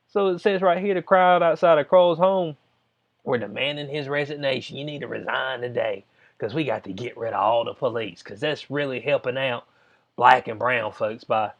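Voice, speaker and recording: A man hosting his own channel, talking straight to viewers in a slangy, animated, mocking commentary style. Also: sits high, muffled recording. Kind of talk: casual reaction commentary.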